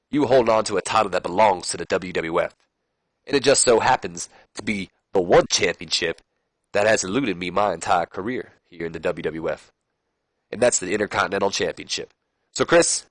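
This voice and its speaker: A taunting male wrestler, put on by a man calling out his rival. The voice sits a touch low and sounds dry and close, with a casual, half-read promo delivery. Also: fairly bright tone, no echo, rough recording. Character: brooding male wrestler issuing a challenge.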